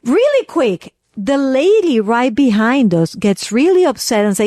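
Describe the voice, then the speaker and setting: A woman's voice: a little slow, few pauses, no echo, studio quality. A woman co-hosting a wellness podcast, telling a story in casual chat and acting out the people she quotes with big jumps in voice. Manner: animated, acts out quotes with big pitch jumps. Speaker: podcast co-host.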